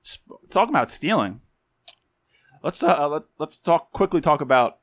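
A man's voice: on the high side, big pitch swings, normal speed, no echo, clean studio sound. A man co-hosting a podcast in casual chat, laid-back and slangy, with frequent hesitations. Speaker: podcast co-host.

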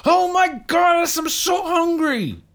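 A narrator voicing a frantic young woman who shouts in exasperation. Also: very high voice, expressive, takes it slowly, pitched above the performer's own voice, heavily acted. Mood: exasperated. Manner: loud and exasperated.

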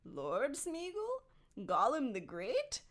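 A woman's voice: high voice, wildly swooping pitch, drawn-out words, pitched above the performer's own voice, full character voice. Woman reading as Gollum, a hissing creature. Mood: scheming. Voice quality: hissing, wheedling, partly whispered. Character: wretched creature muttering to itself. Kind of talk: reading aloud with a theatrical voice.

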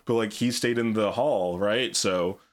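A man's voice: lowish voice, measured pace. A man talking casually and ramblingly in a book discussion podcast, swearing freely. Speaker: podcast co-host.

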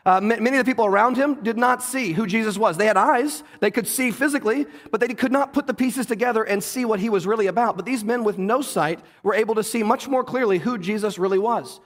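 A man's voice: high-pitched, fast, few pauses. A man pastor preaching a sermon in a church, earnest and conversational, often turning to the listeners with questions. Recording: long hall reverb.

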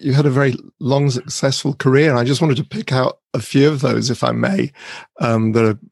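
A man interviews his guest with polite, careful questions, at an ordinary middle pitch. His voice sounds dry and close, with no room around it. He asks in a measured, slightly tentative way. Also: expressive, creaky, a little mellow, no echo. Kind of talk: conversational interview.

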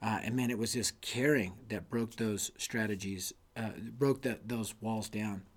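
A middle-aged man giving an energetic, conversational teaching talk on youth ministry, emphatic and folksy, full of asides. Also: fairly low pitch, unhurried. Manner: emphatic, conversational, lots of 'man' and 'you know'.

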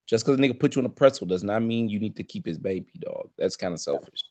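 A man, co-hosting a casual podcast chat and ranting in a profane, animated way. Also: fairly low pitch, fast talker. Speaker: podcast co-host.

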